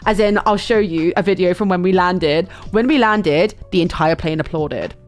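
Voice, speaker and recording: A young woman streamer telling a chaotic travel story in casual chat, animated and full of fillers and restarts. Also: on the low side, normal speed, soft background music.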